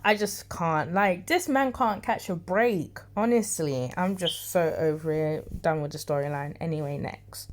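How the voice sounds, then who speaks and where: A woman casually recapping and reviewing a soap episode, chatty and animated, acting out characters' lines with big reactions. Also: lowish voice, unhurried, few pauses.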